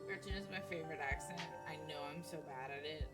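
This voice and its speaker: A woman's voice: low-pitched, quick pace. Brief: woman streamer, blunt and profane, casual commentary, game music underneath. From New Orleans, US. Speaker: streamer playing a visual novel.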